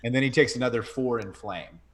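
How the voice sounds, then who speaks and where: A man's voice: medium pitch, a little fast, a bit bright. Teasing man on a noisy mic. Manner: teasing, joking. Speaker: player. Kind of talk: casual tabletop game chat.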